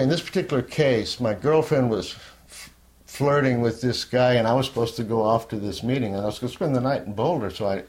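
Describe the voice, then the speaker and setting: An older man telling a personal story in a candid, rambling way, at times sinking to a soft near-whisper. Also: fairly low pitch. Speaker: interviewee.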